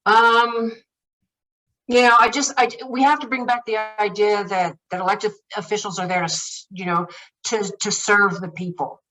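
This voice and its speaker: A woman political candidate speaks earnestly in an interview, stopping and starting as she works through her thoughts. Her voice is mid-pitched and sounds slightly distant from the microphone. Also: steady tone, pushed and bright. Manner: earnest, halting, with many fillers and restarts. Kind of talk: interview answers.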